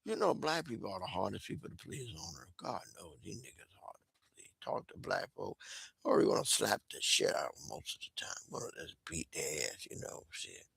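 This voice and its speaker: A man rants with a rough, gravelly edge, laughing and cursing as he talks. His pitch leaps and drops all over the place, falling to low mutters and then jumping up into loud cries. The sound is dry and close. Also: sing-song, brisk, dry recording. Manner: laughing, profane, swings from mutters to shouts. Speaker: commentator. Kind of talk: casual rant on a call.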